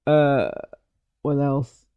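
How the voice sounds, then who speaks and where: A man giving a loose, hesitant live reaction to a TV episode, full of fillers and restarts, with sudden bursts of excitement. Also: medium pitch, very slow, clean tone, phone-quality sound. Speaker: video reviewer. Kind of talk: live post-watch reaction.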